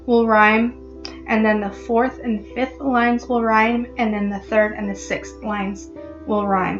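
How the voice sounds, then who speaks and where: A woman vlogger explaining a poem in a casual, halting way, with many ums and restarts. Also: mid-range voice, flat delivery, lo-fi sound, soft background music. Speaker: literary vlogger.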